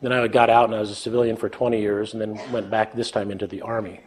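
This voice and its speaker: An older American man speaks in a lowish, fairly flat voice at a quick pace. He's giving a leadership talk as a conversational lecture, telling self-deprecating stories and acting out dialogue with a chuckle.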